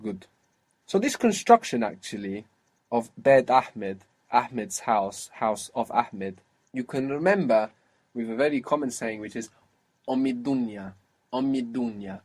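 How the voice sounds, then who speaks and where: Guy teaching a language class, patient, repeats everything, medium pitch voice. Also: a little mellow. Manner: patient, repeats and models each phrase. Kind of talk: guided language lesson.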